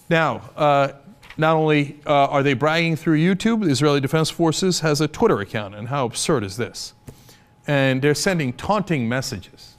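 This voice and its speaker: A man's voice: fairly high pitch, lively intonation, normal speed. Fired-up sarcastic man. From United States. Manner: impassioned, sarcastic, argumentative. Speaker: political commentator. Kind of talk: opinionated political commentary.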